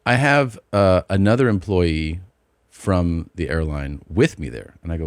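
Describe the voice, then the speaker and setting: A man's voice: low voice, expressive, measured pace, no echo. A man hosting a podcast, telling an indignant, profane story in casual chat. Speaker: podcast host.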